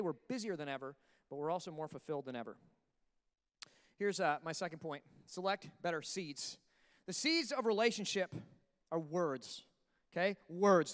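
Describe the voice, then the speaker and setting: A man preaching a sermon as pastor in an animated way, breaking into acted asides. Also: high-pitched, clean tone, in a large hall. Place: church sanctuary.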